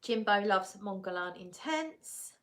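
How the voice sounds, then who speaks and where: A woman's voice: mid-range voice, expressive, slow pace, a bit bright. A woman hosting a live stream, chatting casually as she reads out viewer comments, giggly and often correcting herself. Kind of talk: casual chat.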